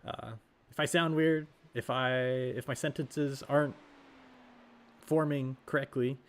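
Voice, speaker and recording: A man on a live stream calls a sim race while still getting over a cold. He rambles casually, corrects himself often and fills his pauses with lots of "uh" and "um". His voice sits at an ordinary middle pitch. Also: fairly even intonation. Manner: rambling, self-correcting, with many fillers. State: recovering from a cold. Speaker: sim racing commentator.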